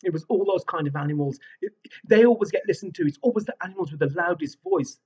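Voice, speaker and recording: A man's voice: high voice, expressive, fast, a little mellow, slightly rough, lo-fi sound, voice pushed up. A man voicing a brave little cockerel in a told story, earnest and pleading.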